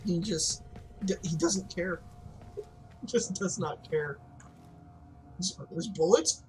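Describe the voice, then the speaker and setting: A man's voice: sits high, slow pace, pauses often, faint music behind, poor audio. A man giving casual, rambling let's-play commentary, joking, laughing and swearing now and then. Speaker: gaming commentator.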